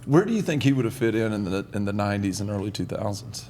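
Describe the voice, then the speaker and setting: A man's voice: on the low side, animated, fast, darkish tone, slight background noise. A man hosting a podcast, asking questions in a casual, loose way. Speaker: podcast host.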